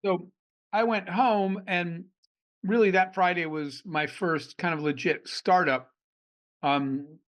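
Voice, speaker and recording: A middle-aged man from Arizona, an entrepreneur guest on a podcast, telling animated stories and acting out the dialogue. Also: sits high, takes it slowly. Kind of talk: storytelling in a podcast interview.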